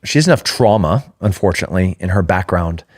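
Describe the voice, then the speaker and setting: A man's voice: sits low, lively intonation, fast, no room sound, clean studio sound. A man co-hosting a podcast, chatting loosely and rambling, often acting out what locals say. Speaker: podcast co-host. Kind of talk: casual chat.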